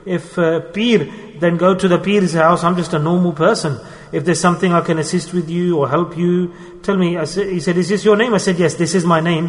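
A male Islamic preacher with a high voice delivers a sermon built around a personal story, recorded with a big-room sound. He repeats his points, poses rhetorical questions, and shifts from loud urging to hushed asides.

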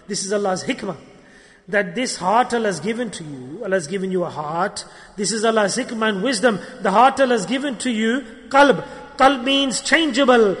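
A man giving an animated storytelling sermon at a gathering, acting out dialogue and using Arabic religious terms. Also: high-pitched, normal speed. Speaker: preacher. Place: gathering hall. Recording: long hall reverb.

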